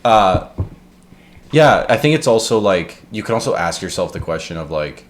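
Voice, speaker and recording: A man with a very deep voice argues on a casual podcast. His points pile up in long run-on chains, one clause after another. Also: very animated, moderate pace. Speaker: podcast co-host. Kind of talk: casual discussion.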